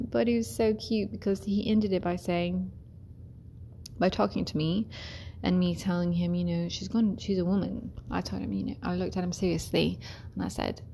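A woman's voice: lowish voice, steady tone, moderate pace, vocal fry, warm tone, slight background noise. Chatty woman care worker, storyteller, laughs a lot, drops to whispery asides. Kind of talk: casual storytelling.

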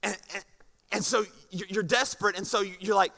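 A pastor preaching a sermon to a congregation, animated and acting out scenes, moving from soft tones to loud passages. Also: male voice, sits high, normal speed, gravelly. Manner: animated, swings from soft to shouting. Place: church stage before a congregation.

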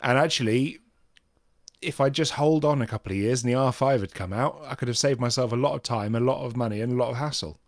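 A man co-hosting a relaxed podcast, joking at his own expense as he tells his stories. His voice sits in the middle range and is recorded close and dry, with no room sound. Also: mid-range voice, fast, no echo. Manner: self-mocking, animated storytelling. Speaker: podcast co-host. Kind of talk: casual podcast chat.

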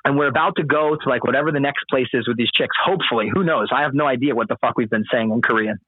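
On a podcast, a man in his late 20s or older casually tells a wild story, animated and profane, swearing often and stuffing his talk with fillers. His husky, medium-pitched voice moves at a quick pace over a dry, phone-like line with no echo.

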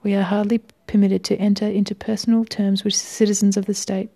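A woman's voice: mid-range voice, little pitch movement, fairly quick, vocal fry, warm tone. A woman voicing a stiff, formal phone-exchange agent who answers questions evasively and keeps saying "sir". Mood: curt.

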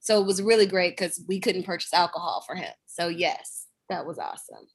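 A woman's voice: fairly low pitch, expressive, fairly quick, creaky, breathy edge. A woman comedian co-hosting a casual podcast, chatty and joking with loose asides. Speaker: comedian co-host.

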